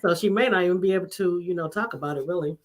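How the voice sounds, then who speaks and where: A woman's voice: fairly low pitch, rapid-fire. Woman host chatting with hesitant fillers. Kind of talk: casual chat.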